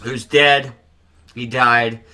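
A young man co-hosting a podcast, talking excitedly about metal music in casual chat, swearing and emphatic. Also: medium pitch, drawn-out words, poor audio. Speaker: podcast co-host.

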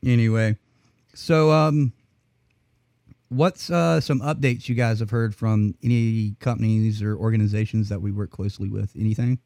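With a lowish, darkish voice and fairly even intonation, this man co-hosts a podcast at a moderate pace. He rambles, swears freely and laughs often in casual conversation. The studio sound is clean, with no echo.

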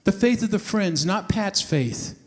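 High-voiced man preaching in a big hall. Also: lively intonation, measured pace. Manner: storytelling, acting out voices of the scene. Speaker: pastor. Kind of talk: sermon.

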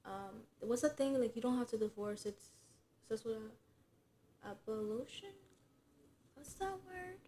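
A young woman in casual podcast talk, her voice sitting a bit high. She rambles and thinks out loud, leaning on "like" and "um" as she goes. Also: animated, measured pace, long pauses, a little hiss or hum. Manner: chatty, many "like" fillers, thinks aloud. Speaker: podcast co-host. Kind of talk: casual chat.

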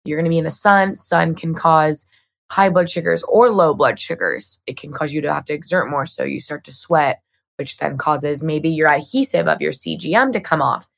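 A woman's voice: deep voice, moderate pace, vocal fry. A young woman co-hosting a podcast, chatting in an upbeat way with lots of filler words. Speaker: podcast co-host. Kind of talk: casual podcast chat.

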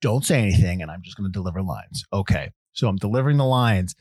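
A man's voice: low voice, fast, breathy edge, no room sound, studio quality. A man hosting a podcast in a casual film chat, telling stories with many restarts. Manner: rambling, animated storyteller with many restarts. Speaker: podcast host.

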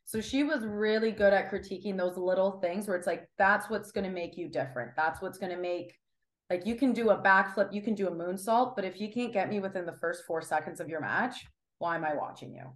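Young woman chatting away, animated, echoey room. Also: mid-range voice, fairly quick. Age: 20s. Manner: chatty, animated, acts out quotes. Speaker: guest wrestler. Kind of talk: casual interview chat.

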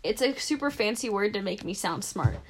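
A young woman co-hosting a casual chat podcast, animated and often laughing or mimicking others. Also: mid-range voice, a little fast, slight background noise. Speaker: podcast co-host.

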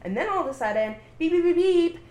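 A woman's voice: very high voice, quick pace, echoey room. A woman co-hosting a podcast, casually recapping a TV plot, swearing freely and acting out the characters' lines. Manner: animated, swearing, acts out quotes. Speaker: podcast co-host.

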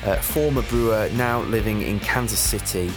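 A male podcast host runs through his plugs in a relaxed, chatty way, with plenty of fillers. His voice sits a little low. Guitar music plays clearly behind him. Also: moderate pace. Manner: chatty, upbeat plugging, filler-heavy. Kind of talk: podcast promo and interview.

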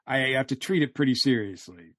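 A man with a middle-pitched voice co-hosts a podcast, talking casually and searching for words with many "uh"s. His voice is recorded dry and close. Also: animated, a little fast, no room sound. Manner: hesitant, many "uh" fillers. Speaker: podcast co-host.

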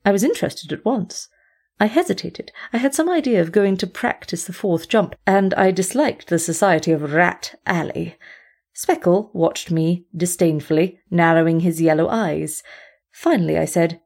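A woman narrating a storybook in a measured, formal first-person reading. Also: lowish voice, darkish tone. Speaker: audiobook reader.

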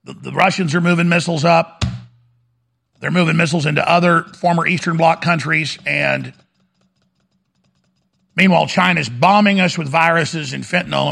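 Here a radio talk show host speaks with a fairly high, fairly bright, gravelly voice. He's in the middle of an impassioned, urgent monologue that keeps repeating itself.

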